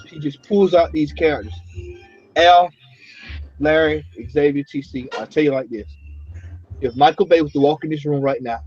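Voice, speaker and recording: A man hosts a loose roundtable, his voice a touch high and husky. He talks in animated, repetitive bursts. The audio is dull and lo-fi. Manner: animated, laughing, repeats words often. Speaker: podcast host. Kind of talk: casual roundtable chat. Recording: dull lo-fi recording.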